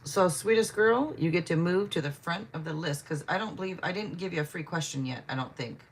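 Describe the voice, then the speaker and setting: On her tarot livestream, a woman greets viewers by name, reads their questions, and apologizes a lot while chatting casually. She speaks briskly in a husky, fairly low voice.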